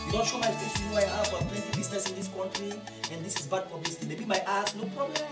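A woman's voice: mid-range voice, quick pace, lightly acted. A woman playing a wheeling-dealing club owner who talks in broken English and keeps tagging "eh?" onto her lines. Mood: insistent. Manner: broken English, repeats "eh?" and "no problem". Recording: roomy, distant, loud music underneath.

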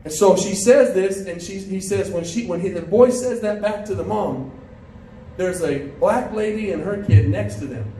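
A pastor telling a story during a sermon, full of restarts and questions to the congregation. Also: male voice, high-pitched, normal speed, dark tone, a little hiss or hum. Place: church sanctuary. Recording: roomy church sound from a distance.

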